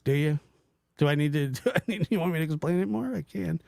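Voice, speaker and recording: A man hosting a casual livestream, talking to his chat in a rambling, animated way, often stopping and restarting. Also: on the high side, fast talker, gravelly, no echo, studio quality. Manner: animated, rambling, self-interrupting, mimics voices in quotes. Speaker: livestream host reading chat.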